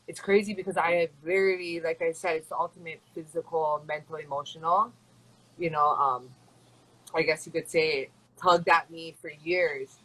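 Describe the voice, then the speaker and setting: A young Hawaiian woman, a mixed martial arts fighter, talks as an interview guest with a loose, meandering flow full of "like" and "you know." Her voice is on the low side and a bit bright, captured in a rough recording.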